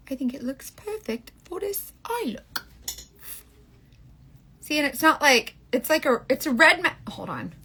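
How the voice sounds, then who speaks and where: A woman's voice: fairly high pitch, fairly bright tone, breathy edge. A woman in her forties hosting a casual live makeup stream, chatty, rambling and candid with her viewers. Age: 40s. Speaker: beauty livestream host.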